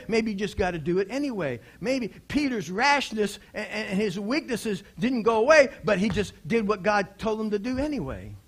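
A man preaching a sermon, asking the congregation rhetorical questions and swinging from hushed lines to loud exclamations. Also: high voice.

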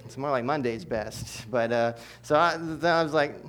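Animated preacher telling a testimony. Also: male voice, medium pitch, moderate pace, hardly any pauses. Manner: animated, humorous, swings between loud and hushed. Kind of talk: sermon testimony storytelling.

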